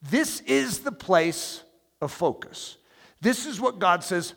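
A man delivers a sermon with a high, gravelly, bright voice that swings widely in pitch. He preaches in an emphatic, conversational way and asks his listeners questions. The long reverb of a large hall trails after his words. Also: expressive, slow.

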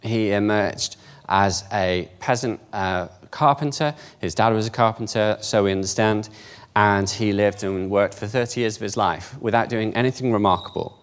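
Man, 50s, low voice, informal church talk, conversational, self-deprecating, questions to the congregation. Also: moderate pace, smooth. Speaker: church speaker.

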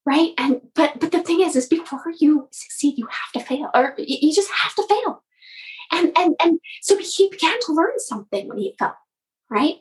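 A woman coach telling a motivational story in an animated way, often repeating her words. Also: high-pitched, normal speed, rough recording.

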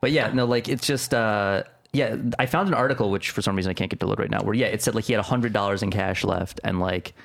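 A man's voice: fairly low pitch, fast talker, vocal fry, hardly any pauses. A man co-hosting a comedy podcast and giving dry, sarcastic commentary. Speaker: podcast co-host. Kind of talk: comic commentary.

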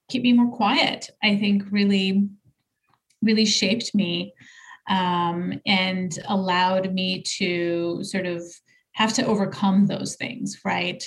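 A woman guest and leadership coach in a conversational interview, talking thoughtfully with frequent fillers and restarts. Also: medium pitch. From United States.

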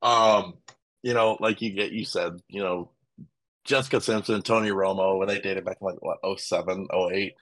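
Lowish-voiced guy rambling on a sports panel, kinda hesitant. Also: steady tone, moderate pace, a bit bright. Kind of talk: casual chat.

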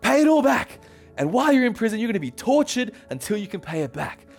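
A male pastor voicing a harsh, ungrateful servant who demands his money, pitched higher and louder than his own voice. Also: sing-song, fairly quick, soft background music. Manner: loud, demanding, bullying.

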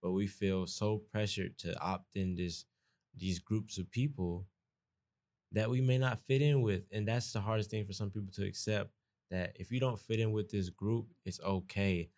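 A young man with a Southern Georgia accent chats casually as a podcast guest, rambling in a folksy way and often restarting his sentences. His voice sits on the low side with a darkish tone, fairly even intonation and a moderate pace.

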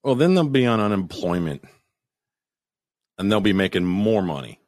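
A man with a very low voice recaps headlines on a podcast. He talks casually and stumbles over fillers as he goes. The recording is dry and close to the mic. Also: big pitch swings, normal speed, a little mellow, no room sound. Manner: hesitant, filler-heavy news recap. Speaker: podcast co-host. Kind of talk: casual political podcast chat.

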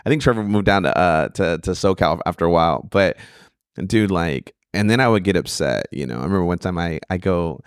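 A man's voice: low-pitched, a little fast, clean tone, dry recording, clean studio sound. A man, a stand-up comic, telling stories in casual podcast chat, rambling with lots of restarts and swearing. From Sacramento. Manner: rambling storytelling with frequent profanity and restarts.

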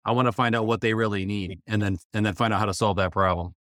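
Brief: low-voiced male participant, hesitant, thinking aloud, dry sound. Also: steady tone, quick pace, fairly bright tone, no room sound. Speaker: seminar participant.

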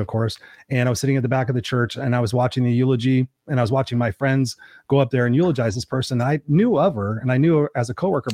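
Man, middle-aged, podcast host, rapid delivery, brash storyteller, swears, dry close sound. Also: medium pitch, a little mellow, no room sound. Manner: brash storyteller who acts out quotes and swears freely. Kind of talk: casual interview chat.

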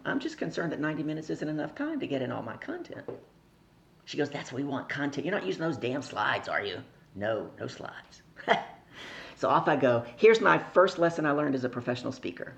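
A woman's voice: very deep voice, very animated, moderate pace, gravelly. A middle-aged woman, a podcast guest, telling a story in conversation and acting out the people she quotes.

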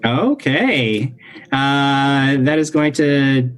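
A man's voice: mid-range voice, animated, very slow, soft background music. Chill guy running a tabletop game, rambly, lots of likes and uhs. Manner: rambling, filler-heavy, laid-back. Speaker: game master.

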